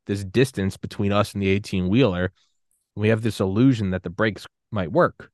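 Deep voiced guy in his 30s, chatty podcast talk, dry close sound. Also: normal speed, no echo. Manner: animated, acts out quotes. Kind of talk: casual conversation.

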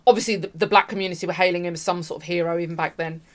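This UK woman races through her online commentary show in a fairly low voice with fairly even intonation. Emphatic and opinionated, she hammers her points through repetition and addresses viewers directly.

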